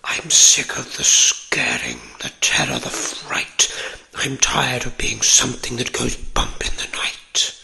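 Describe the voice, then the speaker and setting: A man's voice: mid-range voice, very animated, pushed and bright, heavily acted, poor audio. A man voicing a weary, bored male skeleton in a whispered role-play. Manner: slow, gravelly whisper.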